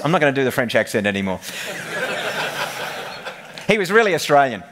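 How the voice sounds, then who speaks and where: A man's voice: mid-range voice, very animated, fairly quick, pauses often, a bit bright. A man giving a humorous technical conference presentation, telling the story like a joking storyteller. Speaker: conference speaker.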